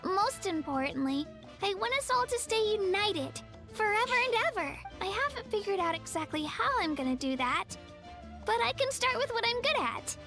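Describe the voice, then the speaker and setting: A woman voicing a sweet, earnest young girl in a game who bakes cakes for her friends, speaking gently and hopefully. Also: extremely high pitch, sing-song, normal speed, heavily acted. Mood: sincere. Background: soft game music.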